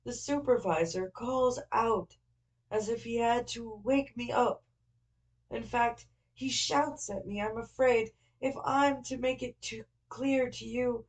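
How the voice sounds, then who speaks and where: A woman's voice: on the high side, poor audio. A woman reading a novel aloud, voicing an earnest, flustered young man who explains things at length.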